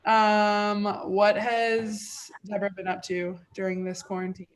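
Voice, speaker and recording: Slow, laid-back woman co-host. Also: mid-range voice. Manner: relaxed, drawn-out, laid-back. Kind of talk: casual chat on a video call. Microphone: video call.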